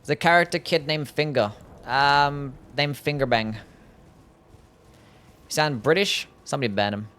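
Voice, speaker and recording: A man's voice: a little high, moderate pace, long pauses, a bit bright. A man casually streaming a game live, chatting and answering his viewers in a laid-back way.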